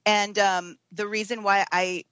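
A woman's voice: medium pitch, little pitch movement, a little slow, fairly bright tone, clean tone, lo-fi sound. A woman in her thirties, a podcast guest, talking openly and candidly in casual conversation. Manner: open, candid, lots of fillers and restarts. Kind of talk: casual interview chat.

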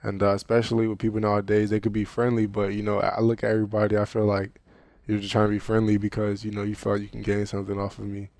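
A young college basketball player speaks in a low, fairly monotone voice, answering questions softly and leaning on filler words. The recording is close and dry, with no room sound. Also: male voice, fast talker, vocal fry, dry recording. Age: young adult. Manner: soft-spoken, heavy on "you know" fillers. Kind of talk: casual interview answers.

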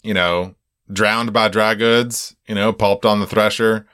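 A man's voice: on the low side, fairly even intonation, unhurried, a bit bright, clean tone. A man co-hosting a podcast, teasing his partner in casual film banter. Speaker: podcast co-host.

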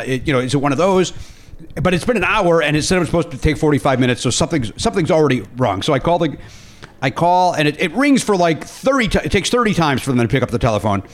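A man hosting a comedy podcast, telling a story in a casual, animated way and acting out both sides of a phone argument. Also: a little high. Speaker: podcast host.

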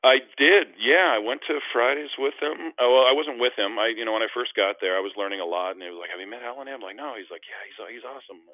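A middle-aged man, a former basketball player, telling stories in a casual interview and acting out the quoted voices with lively energy. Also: mid-range voice, quick pace, few pauses, no echo. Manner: animated storyteller, acts out quoted voices. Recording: tinny phone-like line.

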